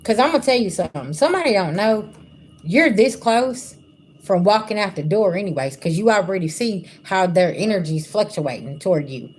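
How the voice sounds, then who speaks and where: A woman's voice: mid-range voice, animated, moderate pace, a little mellow. Blunt, casual woman spiritual reader. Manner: casual, blunt, addresses viewers as y'all. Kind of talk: livestream tarot-style reading.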